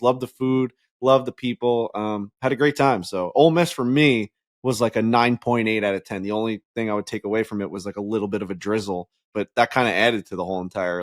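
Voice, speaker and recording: A young man co-hosting a podcast in casual chat, telling lively stories, swearing freely and acting out roars. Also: on the low side. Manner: animated storyteller, swears, acts out barking roars. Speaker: podcast co-host.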